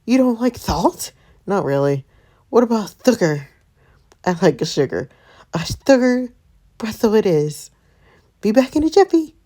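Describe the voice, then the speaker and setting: A woman's voice: medium pitch, big pitch swings, a little slow, long pauses, mellow, pitched above the performer's own voice. A woman voicing a bubbly teenage girl on a fairground date, chirpy and sing-song.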